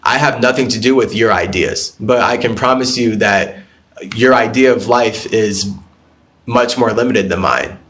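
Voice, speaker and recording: A man with a lowish, slightly bright voice hosts a spiritual live stream, speaking unhurriedly. He's blunt and profane, rambling through his ideas, responding to viewer comments and bursting into laughter.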